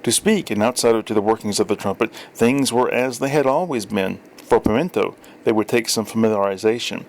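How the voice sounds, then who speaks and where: A man's voice: fairly low pitch, brisk. A man reading a story aloud in a dry, wry storytelling manner with small self-corrections. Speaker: story reader. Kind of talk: audiobook narration.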